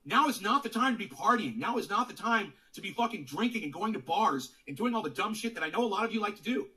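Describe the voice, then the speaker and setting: A man's voice: high voice, lively intonation, fast talker, sharp tone. A man streaming, delivering a profane, preachy rant to his viewers, repeating himself and swearing a lot. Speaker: streamer in an earlier clip. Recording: voice distant from the mic.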